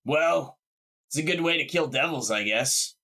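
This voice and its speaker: A man's voice: a little high, animated, normal speed, pushed and bright, exaggerated voice. A man voicing an indifferent male officer who shrugs off everything but fighting. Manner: offhand, shrugging.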